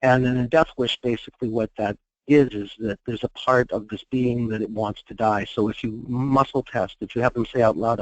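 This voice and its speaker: A man presenting a therapy case at a conference, telling it in a measured, explanatory way with frequent fillers. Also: fairly low pitch, fairly even intonation, no room sound, low-quality recording. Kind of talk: conference talk, case storytelling.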